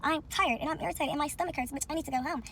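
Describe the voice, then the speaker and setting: A woman's voice: high voice, rapid-fire, sharp tone. A woman telling a story in a heated, profane rant to her viewers.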